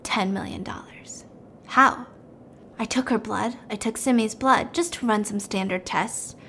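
A woman's voice: on the high side, unhurried, a bit bright, a little hiss or hum. A young woman casually retelling a film plot, acting out the characters' lines with voices and dropping to a whisper for the menacing ones. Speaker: storyteller recapping a film plot. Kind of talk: animated casual plot recap.

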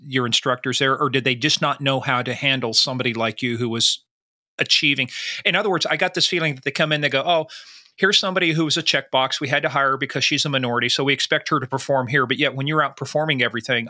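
Male podcast host, quick probing questioner, fast pace, dry sound. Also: medium pitch, bright, forceful tone, no room sound. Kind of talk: conversational interview.

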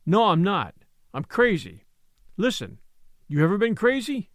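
A man reads as a punch-drunk little ex-boxer, pitched higher than the narration and swooping. His talk is insistent and oddly cheerful, set close in a dry room. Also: huge pitch swings, unhurried, no room sound, heavily acted. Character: battered little ex-prize fighter, man, unhinged. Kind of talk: audiobook reading.

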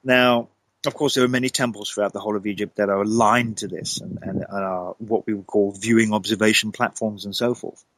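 A man's voice: on the low side, steady tone, a little fast, a bit bright, dry recording, poor audio. A man, a guest in a conversation, telling a long story with animation, often laughing and repeating words.

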